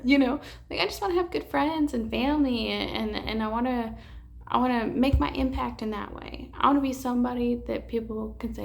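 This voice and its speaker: Tired young woman, gravelly rambling chat. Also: fairly high pitch, moderate pace. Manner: rambling, candid, swears, many fillers and restarts. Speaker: vlogger. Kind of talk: casual chat to camera.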